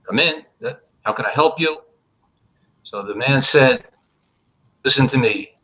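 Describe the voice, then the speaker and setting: Animated bright-voiced male storyteller. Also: medium pitch, unhurried, low-quality recording. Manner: animated storytelling, acting out characters. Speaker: storyteller on a panel. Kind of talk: telling a folk tale and blessing. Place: online live panel.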